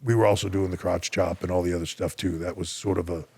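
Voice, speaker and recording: A man's voice: low voice, quick pace, gravelly, breathy edge. A man, casually telling anecdotes as a podcast guest, chuckling as he goes. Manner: relaxed anecdotal storytelling with chuckles. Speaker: guest, former wrestler. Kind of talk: casual storytelling.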